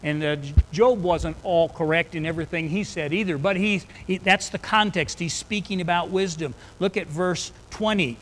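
A man's voice: a little high, moderate pace, hardly any pauses, a bit bright, a little hiss or hum, rough recording. Earnest man preaching a sermon. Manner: earnest preaching, paraphrasing scripture in plain talk.

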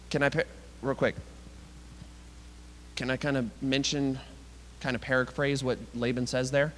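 A man's voice: medium pitch, fairly even intonation, normal speed, pauses often, slight background noise. A man preaching a sermon, retelling a story with asides to the congregation, recorded with long reverb in a large hall.

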